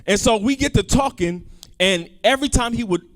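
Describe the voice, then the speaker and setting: A male comedian doing a stand-up set, animated, swinging between loud outbursts and low asides. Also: a little fast.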